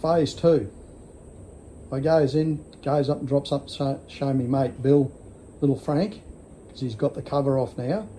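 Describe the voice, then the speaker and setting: A man's voice: mid-range voice, measured pace, warm tone, a little hiss or hum. An Australian man in his sixties telling a rambling story in a casual vlog, blunt and full of swearing. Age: 60s. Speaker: vlogger.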